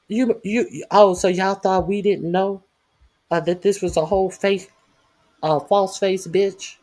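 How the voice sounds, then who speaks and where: A livestream host giving news commentary in a taunting, profane way, filling pauses with constant "uh"s. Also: medium pitch, fairly even intonation, a little mellow. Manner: profane, taunting, heavy "uh" fillers. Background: reading chat comments.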